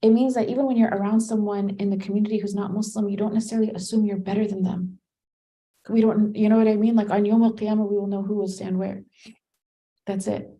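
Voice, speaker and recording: A woman's voice: mid-range voice, flat delivery, fast talker, dark tone, low-quality recording. A woman teaching a Qur'an study class, explaining commentary in a conversational way and thinking aloud with fillers and restarts. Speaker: religious teacher.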